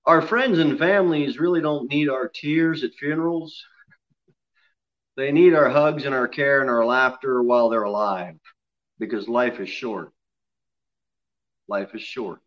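Guy preaching a sermon in church, goes quiet and low then loud, mid pitch, kinda dull lo-fi audio. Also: unhurried. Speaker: pastor. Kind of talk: expository sermon. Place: church sanctuary.

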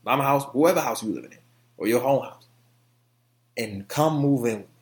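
An animated man hosts his own podcast and talks straight to his listeners. He is loose and profane, with a voice that swings up and down, and he drifts into singing when a song comes to mind. His delivery is relaxed and conversational. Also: mid-range voice, brisk. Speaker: podcast host. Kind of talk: casual solo podcast talk.

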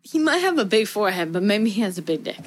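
A woman's voice: medium pitch, fast talker, a little hiss or hum. A woman co-hosting a podcast, casually recapping a film with lots of swearing and acted-out quotes. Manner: animated, swears freely, acts out quotes. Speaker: podcast co-host. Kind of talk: casual movie recap chat.

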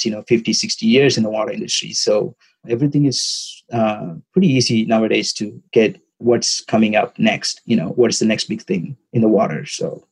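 A man whose first language is Tamil, a podcast guest talking casually and haltingly, with lots of fillers. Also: on the low side, breathy edge, poor audio. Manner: relaxed, halting, many fillers. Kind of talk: casual interview talk.

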